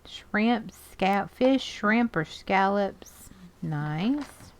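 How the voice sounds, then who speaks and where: Drawing out her words in an expressive, medium-pitched voice, a woman hosting an art journaling video chats casually as she sorts magazines. She exclaims over the pictures and reads parts aloud.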